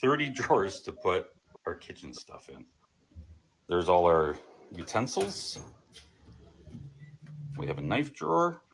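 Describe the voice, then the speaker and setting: A man's voice: deep voice, sing-song, takes it slowly, vocal fry, long pauses, slight background noise. A man speaking casually and matter-of-factly as he shows his home kitchen. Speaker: homeowner showing a kitchen. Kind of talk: casual show-and-tell.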